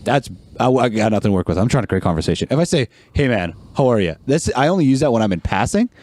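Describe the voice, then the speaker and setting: Young guy, pitch bouncing all over, warm mellow tone, acts out little voices in his stories and keeps laughing, dry close sound. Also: big pitch swings, fast talker, no room sound. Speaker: podcast guest. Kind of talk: casual chat.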